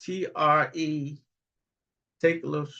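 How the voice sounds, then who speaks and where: A man's voice: on the high side, fairly even intonation, slow, vocal fry, bright, forceful tone, dull audio. A man hosting a livestream in casual, rambling talk, chuckling often and tagging lines with "okay?" and "all right?". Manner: rambling, frequent chuckles, tag questions. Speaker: livestream host.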